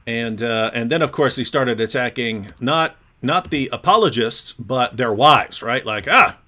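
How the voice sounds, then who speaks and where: A man co-hosting a casual livestream chat. His tone is mocking and jokey, and he laughs often. His voice is bright and forceful at an average pitch. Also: a little slow. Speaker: co-host.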